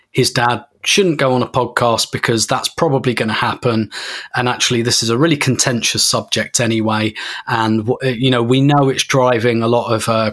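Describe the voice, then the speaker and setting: A man as a podcast guest, talking at length in a loose, animated way with small laughs. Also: mid-range voice. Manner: rambling, animated, laughs as he talks. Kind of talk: casual podcast chat.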